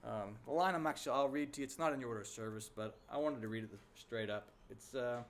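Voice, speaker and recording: A man preaching a conversational sermon as pastor, full of fillers and restarts, climbing high when he voices the Lord's complaints. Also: fast talker.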